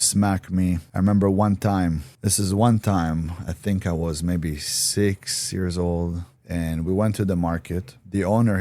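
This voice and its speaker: Blunt, deep-voiced man, dry studio sound. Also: dark tone. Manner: blunt, emphatic, swears freely. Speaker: podcast guest. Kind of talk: personal interview storytelling.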